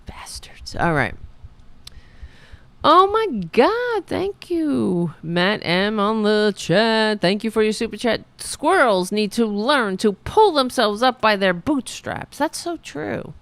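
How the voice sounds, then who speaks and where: A woman hosting a casual livestream, her low, gravelly voice swinging widely in pitch. She unhurriedly tells stories with a sarcastic edge and drops casual profanity. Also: takes it slowly, hardly any pauses, no echo. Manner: animated, sarcastic storytelling with profanity. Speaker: show host.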